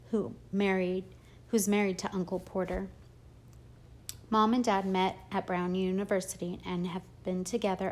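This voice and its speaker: A woman reading a first-person audiobook in a steady, plain storytelling manner. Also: medium pitch. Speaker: audiobook narrator.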